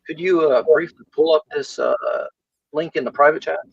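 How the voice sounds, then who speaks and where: A man's voice: fairly high pitch, fairly even intonation, moderate pace, husky, no echo, muffled recording. A man co-hosting a livestream, talking in a rambling way with many fillers. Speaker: podcast co-host. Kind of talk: casual livestream chat.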